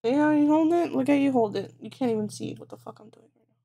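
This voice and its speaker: A woman's voice: high-pitched, quick pace, gravelly, warm tone. A woman live-streaming as she crochets, thinking aloud, swearing a lot and mocking herself. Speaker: livestreamer. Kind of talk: casual live-stream chat while crocheting.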